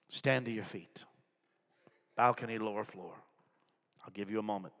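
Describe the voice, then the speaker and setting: A man preaching a sermon to a congregation, dropping to hushed whispers and rising to loud, emphatic passages. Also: on the low side, normal speed, pauses often. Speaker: pastor. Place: large church with balcony. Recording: long hall reverb.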